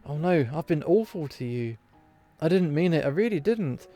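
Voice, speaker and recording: Brief: man voicing an oversensitive young reindeer girl from a visual novel, emotional and shrill. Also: animated, moderate pace, dark tone, soft background music, natural voice. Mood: tearful. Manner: indignant, then tearful and babbling.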